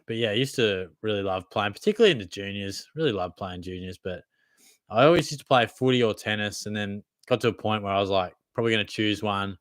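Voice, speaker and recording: A man's voice: lowish voice, quick pace, fairly bright tone, no echo, clean studio sound. A young Australian man hosting a casual livestream Q&A, reading out chat questions in a laid-back, blokey way, calling everyone mate and swearing freely. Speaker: fantasy football livestream host.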